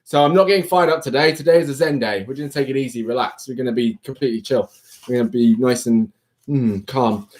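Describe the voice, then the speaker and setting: Hosting a casual livestream, a man chats playfully and reads out and answers viewers' comments, breaking into sudden high exclamations. He talks at a quick pace with a darkish tone.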